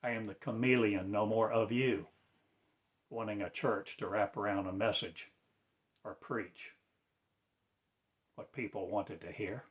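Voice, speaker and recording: A man preaching in a slow, declamatory way, with sudden loud rises in his voice. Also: fairly low pitch, steady tone. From United States. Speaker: self-styled spiritual teacher. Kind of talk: impassioned preaching.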